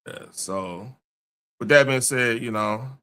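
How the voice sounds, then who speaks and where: A man's voice: medium pitch, slow, bright, forceful tone, clear, resonant tone. A man hosting a casual podcast, chatting loosely with slangy phrasing and frequent restarts. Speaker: podcast host. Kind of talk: casual chat.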